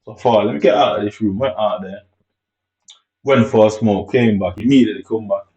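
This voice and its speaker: A man talks in a rambling, agitated vlog monologue and swears often. His voice sits fairly low and has a warm, mellow tone. The recording sounds dull and lo-fi. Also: a little fast.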